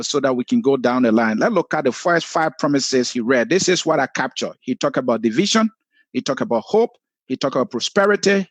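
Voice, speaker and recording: A man's voice: on the high side, no room sound. A man with a Liberian accent, hosting a political talk show, formally listing points to put to his guest.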